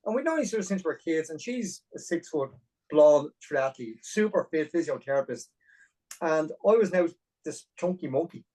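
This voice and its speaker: A man in his forties from Dublin with an Irish accent, a podcast guest telling his story in a lively, self-deprecating way with many restarts. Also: a little high, normal speed, recorded from a distance, rough recording. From Ireland. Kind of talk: conversational storytelling.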